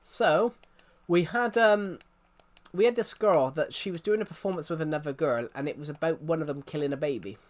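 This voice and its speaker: A man's voice: a little high, normal speed. A man who grew up in the United Kingdom chatting casually on a live stream, rambling and laughing with frequent restarts.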